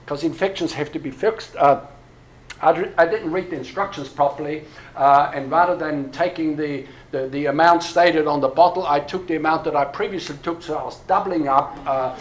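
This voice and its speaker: A pastor in his sixties tells a long personal story during a workshop talk to a church audience, full of fillers and restarts. His voice is a little high, he speaks at normal speed, and the recording is rough.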